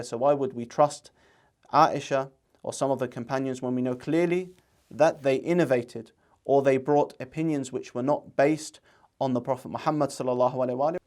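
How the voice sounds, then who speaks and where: Reading out scripture and reciting lines in Arabic, this man presents religious commentary with an earnest, combative edge. He speaks in a mid-range voice that has a somewhat dark tone.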